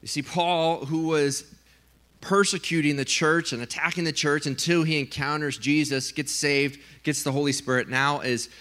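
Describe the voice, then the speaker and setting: Bright-voiced animated male pastor. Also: on the high side, moderate pace. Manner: animated storytelling, acts out his own scared voice. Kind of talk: sermon with a personal story.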